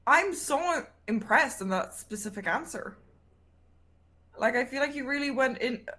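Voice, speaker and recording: A woman's voice: high voice, lively intonation, measured pace, bright, forceful tone. A young Irish woman chatting on a livestream in a playful, mock-offended way, swearing often. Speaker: streamer guest. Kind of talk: joking livestream chat.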